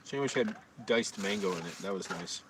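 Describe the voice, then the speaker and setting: A man's voice: sits low, moderate pace, distant mic. A man with a scratchy voice live-streaming a rambling, amused running commentary outdoors in a park. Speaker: vlogger. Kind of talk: casual live-stream chat.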